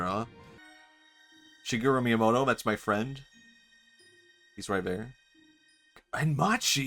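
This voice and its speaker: A man's voice: medium pitch, measured pace, creaky, long pauses, a bit bright, soft background music. A young man streaming a game, chatting in a playful, rambling way and laughing often. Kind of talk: casual gameplay commentary.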